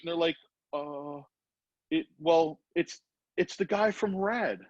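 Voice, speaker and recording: A middle-aged man, a former BMX rider, telling a profane, animated story as a podcast guest. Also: fairly high pitch, a little slow, dry recording. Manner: profane, animated, acts out voices in anecdotes. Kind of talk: casual storytelling. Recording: dull lo-fi podcast audio.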